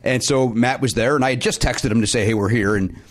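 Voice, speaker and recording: A man's voice: medium pitch, fairly quick. Man, casual podcast chat, rambling anecdote, mid-range voice. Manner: rambling storyteller who acts out quotes. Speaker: podcast co-host.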